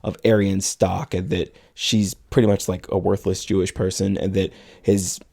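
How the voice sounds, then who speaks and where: A man's voice: low-pitched, little pitch movement, moderate pace, vocal fry, dark tone, slightly rough. A man co-hosting a podcast, retelling a film's plot in casual chat and quoting its characters in passing. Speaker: podcast co-host. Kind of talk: casual film recap.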